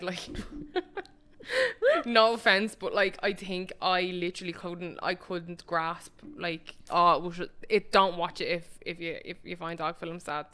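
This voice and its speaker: A woman's voice: lowish voice, sharp tone, clean tone. A woman co-hosting a podcast in casual chat, telling stories animatedly and swearing freely. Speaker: podcast co-host.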